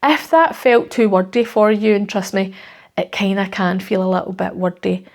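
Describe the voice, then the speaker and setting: Gravelly-voiced Scottish woman coaching. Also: mid-range voice, steady tone, normal speed. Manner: conversational and reassuring, with tag questions. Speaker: life coach. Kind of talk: direct-to-camera coaching talk.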